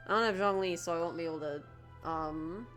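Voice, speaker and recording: A young woman streaming a game, gushing and stammering excitedly as she reacts to the story. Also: fairly low pitch, brisk, soft background music. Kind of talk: casual game stream commentary.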